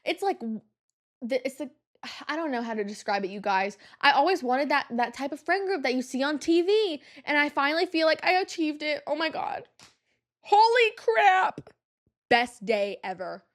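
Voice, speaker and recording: A young adult woman hosting a podcast, telling casual stories in an animated, exasperated way with lots of "like" and "um". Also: high-pitched, normal speed. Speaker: podcast host. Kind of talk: casual storytelling monologue.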